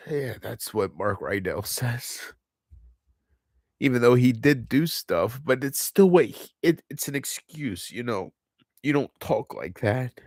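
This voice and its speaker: A man speaking in an unscripted confessional monologue to his viewers, halting and heavy, often restarting and trailing off. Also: mid-range voice, lively intonation, a little mellow, no room sound, clean studio sound. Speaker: channel host.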